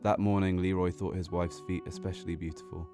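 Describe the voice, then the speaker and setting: A man narrating a dark, absurd spoken-word story in a deadpan, wry and theatrical way. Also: deep voice, fairly quick, music in the background.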